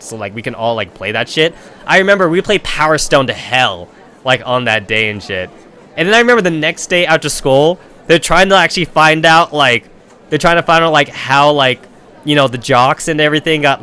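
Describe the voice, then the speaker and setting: Young man, streamer, casual storytelling, profane, rambling, animated, fairly high voice. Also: smooth.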